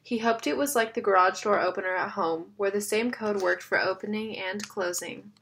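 Gravelly-voiced woman narrating a story. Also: mid-range voice, normal speed, fairly bright tone. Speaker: audiobook narrator. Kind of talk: scripted narration.

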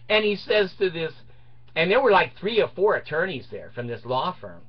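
A man's voice: a little high, animated, moderate pace, muffled recording. A middle-aged man casually telling a personal story, boastful and crude, often laughing as he talks.

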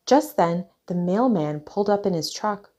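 A woman reading a children's picture book aloud, clear and expressive. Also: mid-range voice, moderate pace. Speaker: storyteller.

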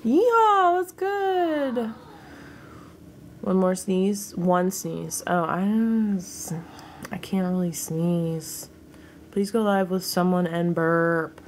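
A young American woman livestreaming, her voice sitting a little low as she drawls through viewer comments at an unhurried pace. She teases and talks back to her chat with frequent laughs, and a faint hiss of noise sits behind her. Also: steady tone, darkish tone. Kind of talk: casual live-stream chat reading comments.

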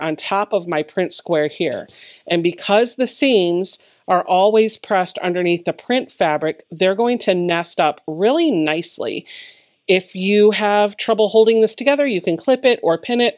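A woman's voice: on the low side, a little mellow. A woman giving a step-by-step quilting tutorial, explaining each step plainly in a friendly, encouraging way. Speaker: quilting instructor.

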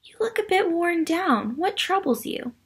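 Lady putting on a wise old worn-down pencil stub from a storybook, slow and solemn, a bit higher, gravelly and husky. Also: sing-song, exaggerated voice. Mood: wise, urging.

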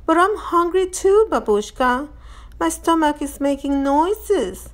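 A woman's voice: high voice, lively intonation, takes it slowly, voice pushed up. A woman reading aloud, voicing a whiny, impatient little girl. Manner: pleading, whiny.

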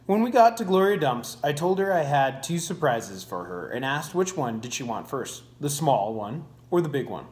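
A man reading a children's novel aloud with expressive storytelling. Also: medium pitch, normal speed, few pauses. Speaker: reader.

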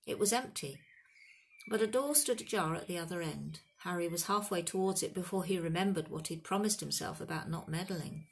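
A woman narrating a children's fantasy book in a steady, expressive reading voice. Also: fairly low pitch, brisk, gravelly, a little hiss or hum. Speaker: audiobook reader. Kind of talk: storybook narration.

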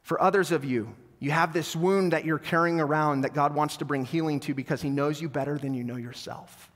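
A male pastor giving a sermon, telling a story in an animated way that swings from loud to hushed. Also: a little high, fairly quick. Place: church sanctuary. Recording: long church reverb.

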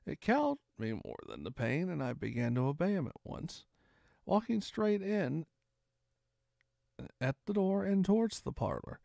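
A man narrating an adventure novel aloud with expressive first-person storytelling. His gravelly voice sits fairly high and swings widely in pitch. The recording is dry and close. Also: no room sound. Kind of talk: reading a classic novel aloud.

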